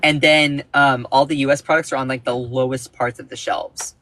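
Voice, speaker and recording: A man's voice: little pitch movement, moderate pace, sharp tone, dry recording. Emphatic man commenting on a livestream. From United States. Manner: emphatic and indignant, with big jumps in pitch. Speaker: political commentator.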